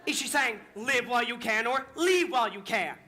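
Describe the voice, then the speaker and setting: A man's voice: very high-pitched, expressive, moderate pace, bright, forceful tone, slight background noise, heavily acted. A young man in a school musical playing a lonely theatre fan who narrates in a confiding, rambling way. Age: young adult. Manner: confiding, rambling, bitter asides. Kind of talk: high school musical stage acting.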